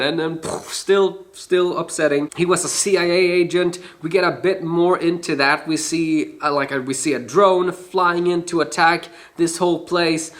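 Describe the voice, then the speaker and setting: Man, slightly high voice, casual film review, chatty, frank, swears. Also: a bit bright. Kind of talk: casual spoken movie review.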